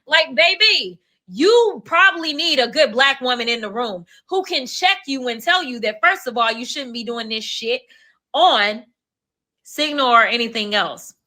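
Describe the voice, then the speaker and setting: A woman's voice: high voice, animated, a little slow, pushed and bright. A woman politician giving a brash, slangy, emphatic speech at a dinner.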